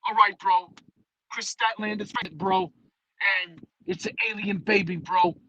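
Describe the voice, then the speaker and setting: A man's voice: sits high, unhurried, bright, forceful tone, muffled recording, voice pushed up, exaggerated voice. A man putting on an exaggerated New York voice, playing a brash male wrestling booker who spouts wild storylines in a drawl. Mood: scheming.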